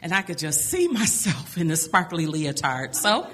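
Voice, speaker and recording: A middle-aged woman telling a personal story to an audience, animated and laughing often between lines. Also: deep voice, normal speed.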